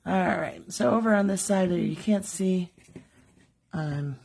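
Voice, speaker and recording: A woman with a low, husky voice leads a live craft demonstration from her home studio. She chats casually and thinks aloud while she works, and her tone stays mellow throughout. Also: a little slow. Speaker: jewelry artist demonstrating live.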